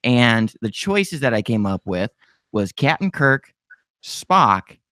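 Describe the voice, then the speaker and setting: A man's voice: medium pitch, big pitch swings, takes it slowly, sharp tone, dry recording, studio quality. A man hosting a podcast in casual chat, laughing often and poking fun at himself. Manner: laughs often, chatty and self-mocking. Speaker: podcast host.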